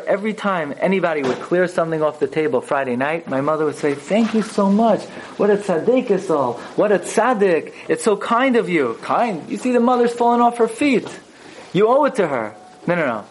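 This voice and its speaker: A man teaching a Torah lesson in a sermon style, animated and acting out the quotes he tells. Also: fairly high pitch, a little hiss or hum, poor audio. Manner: animated storyteller, acts out quotes. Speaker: rabbi teaching a Torah class.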